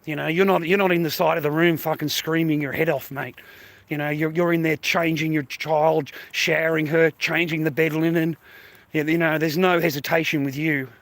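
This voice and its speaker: A man's voice: on the high side, level tone, moderate pace, fairly bright tone, dry recording. Sweary Australian man streaming outdoors. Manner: blunt, sweary, keeps adding mate and bro. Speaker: livestreamer. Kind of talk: casual live stream monologue. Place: outdoors near neighbourhood shops.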